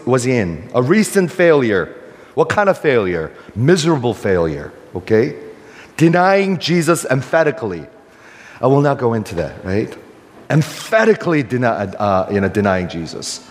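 In this sermon, an older pastor speaks at a moderate pace, his pitch rising and falling with lively swoops. Rhetorical questions push his arguments forward, and a big hall's long reverb holds onto each phrase.

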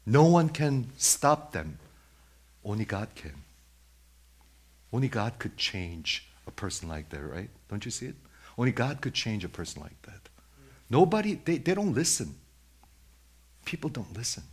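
A man's voice: mid-range voice, sing-song, measured pace, pauses often, breathy edge. A man preaching a sermon who questions his listeners directly and repeats his points for emphasis.

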